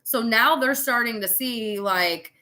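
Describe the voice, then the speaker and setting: A woman's voice: a little high, takes it slowly, pushed and bright. A tipsy woman giving a casual live tarot reading, chatty and laughing, with swearing and dramatic asides. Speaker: tarot reader.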